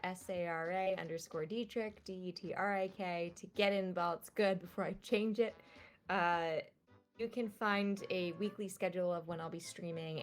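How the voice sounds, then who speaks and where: Gravelly low-voiced woman plugging her streams. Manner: chatty, earnest, rallying. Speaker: guest player. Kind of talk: casual sign-off plug.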